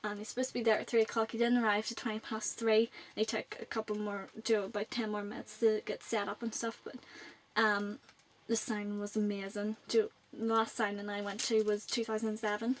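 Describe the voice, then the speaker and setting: A woman's voice: medium pitch, little pitch movement, fairly quick, few pauses, a little hiss or hum. A young woman in her late teens with a Northern Irish accent, chatting to camera in a rambling vlog. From Northern Ireland. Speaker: vlogger. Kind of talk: casual chat to camera.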